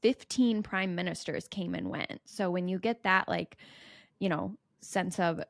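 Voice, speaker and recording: Brief: young American woman, co-host, thoughtful and measured, dry close mic. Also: lowish voice, gravelly, no room sound. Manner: measured, explains her views at length. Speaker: podcast co-host. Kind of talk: casual chat.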